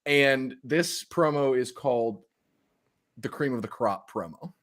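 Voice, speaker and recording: This podcast co-host has a mid-range voice with a fairly bright tone and a measured pace. Chatting casually, he rambles through stories and laughs in the middle of sentences.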